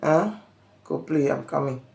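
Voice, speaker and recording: A woman's voice: low voice, measured pace, creaky, darkish tone, roomy sound. A woman, hosting a casual gossip chat from home on her phone and telling the story with voiced quotes. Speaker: vlog host.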